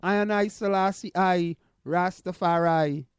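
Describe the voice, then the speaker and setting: A man voicing a cheerful, laid-back Jamaican man, with a Jamaican accent and a raised, drawn-out delivery. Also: sits high, steady tone, clear, resonant tone, no echo, studio quality, pitched above the performer's own voice. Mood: delighted.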